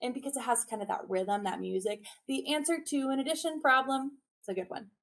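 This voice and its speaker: A woman teacher giving a webinar demonstration, animated and drilling phrases in a sing-song call-and-response. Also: high-pitched, fairly quick, creaky. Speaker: early childhood teacher presenting a webinar. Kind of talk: teacher demonstration with chants and repetition.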